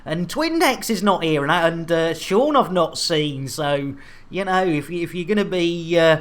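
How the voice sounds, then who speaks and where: A woman's voice: lowish voice, a little slow. A woman from the UK streaming a game, chatting playfully and greeting viewers by name. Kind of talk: casual live-stream chat.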